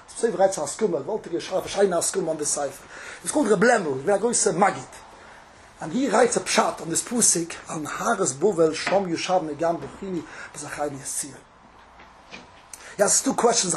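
A man's voice: high voice, a little hiss or hum. A man giving a Hasidic Torah sermon, chanting verses in a sing-song and repeating his phrases. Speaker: rabbi giving a Torah talk.

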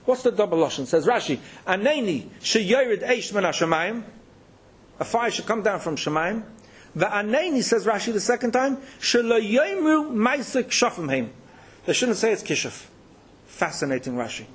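Man, high voice, very lively pitch, Torah storytelling, chants verses. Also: a little fast, husky. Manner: animated, chants Hebrew verses then translates. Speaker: rabbi teaching Torah.

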